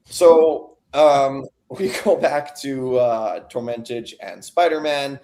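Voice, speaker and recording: A man's voice: mid-range voice, slow, few pauses, warm tone. A young man casually recapping a comic book on a podcast, rambling with many fillers and acting out the characters' lines. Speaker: podcast co-host.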